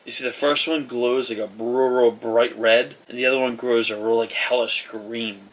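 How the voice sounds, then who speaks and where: A man's voice: mid-range voice, fairly even intonation, moderate pace, recorded from a distance, poor audio. A man narrating as game master, loose and rambling, with many fillers.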